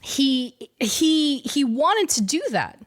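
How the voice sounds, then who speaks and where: A woman's voice: sits high, animated, takes it slowly. A woman co-hosting a podcast, casually and animatedly retelling a comic story with frequent laughs and slangy asides. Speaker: podcast co-host. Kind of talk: casual chat recapping comics.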